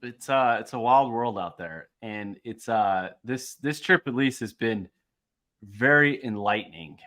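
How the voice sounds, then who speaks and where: Excitable, swearing male podcast co-host. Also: unhurried. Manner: excitable, swears freely, pitch jumps up when riled. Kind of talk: casual chat, storytelling.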